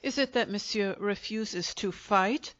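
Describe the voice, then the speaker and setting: A woman's voice: medium pitch, unhurried, fairly bright tone, dry recording, natural voice. A woman voicing a pompous middle-aged male town butcher acting as a formal second, on a dull lo-fi recording.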